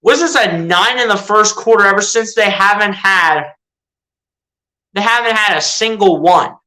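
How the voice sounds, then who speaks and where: The voice is medium-pitched and sharp, moving at a measured pace on a low-quality recording, as a fan calls a basketball game live. Exasperated and talkative, he fires rhetorical questions at the team and keeps correcting and repeating himself.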